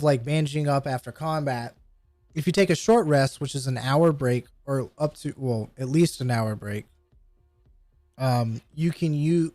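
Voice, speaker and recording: A man's voice: medium pitch, a little mellow, no room sound. A man running a tabletop game, patiently explaining rules and narrating scenes with loose fillers. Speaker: game master.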